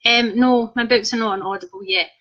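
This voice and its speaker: Cheeky chatty woman, bright voice. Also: a little high, steady tone, brisk. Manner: cheeky, chatty, self-mocking. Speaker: author. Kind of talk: live video chat reading out viewer comments. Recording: dull lo-fi live stream audio.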